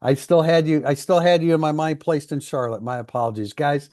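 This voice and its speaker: A man's voice: a little high, fairly quick, a little mellow. A man hosting a casual sports talk show, apologetic and stumbling over his words.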